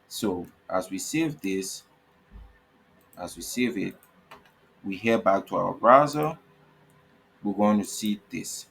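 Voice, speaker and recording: Husky-voiced man teaching a coding lesson. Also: on the low side, a bit bright. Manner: repetitive, checks in with frequent "okay?"; spells out tag names letter by letter. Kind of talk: screen-recorded coding tutorial.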